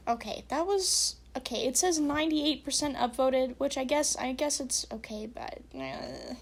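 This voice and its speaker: A woman's voice: high-pitched, unhurried, hardly any pauses. A woman hosting a podcast, reading online horror stories aloud with blunt, sarcastic commentary and apologetic asides. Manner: blunt, sarcastic, nitpicks grammar.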